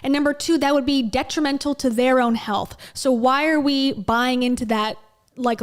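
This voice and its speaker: A woman giving blunt, sarcastic reaction commentary on a clip she is playing. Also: sits high. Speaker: commentary YouTuber.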